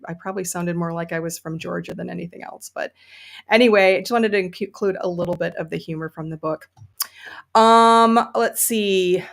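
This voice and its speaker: A woman's voice: fairly low pitch, gravelly. A woman hosting a casual livestream, chatty and enthusiastic, with many fillers. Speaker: podcast host and novelist.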